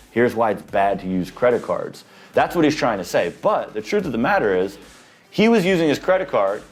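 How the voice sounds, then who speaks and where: A man commenting on a played video clip, explaining a point step by step in a casual way and checking in with "right?". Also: medium pitch. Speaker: business credit commentator.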